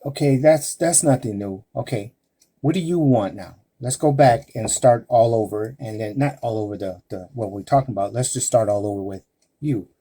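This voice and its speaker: Speaking at a normal speed in a warm, mid-range voice, a male relationship advice host leads a live-stream talk. He talks emphatically to the women listening, addressing them directly and asking rhetorical questions.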